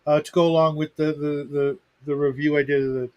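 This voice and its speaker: A man in a casual chat, talking haltingly with many pauses and restarts. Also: fairly high pitch, level tone, darkish tone, highs cut off.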